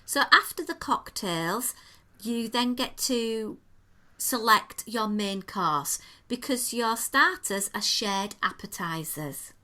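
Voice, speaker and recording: A woman tells a podcast co-host all about a restaurant visit. Her voice is bright and forward, and she talks in an easy, enthusiastic way, painting each detail as she goes. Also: fairly high pitch, animated, takes it slowly. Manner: chatty, descriptive, enthusiastic storytelling. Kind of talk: casual chat, restaurant review.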